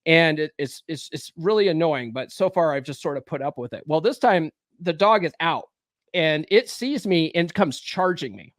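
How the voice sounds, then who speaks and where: A man with a fairly high voice hosts a podcast, chatting casually and telling a profane story. The sound is dry and close, with no room around it. He swears freely as he talks. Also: animated, normal speed, no room sound. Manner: profane storytelling, acts out shouting. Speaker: podcast host.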